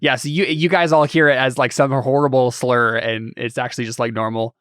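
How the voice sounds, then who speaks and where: A man's voice: mid-range voice, steady tone, fairly quick, a bit bright, clean tone, no echo, clean studio sound. A man running a tabletop role-play game as game master, narrating casually with many fillers.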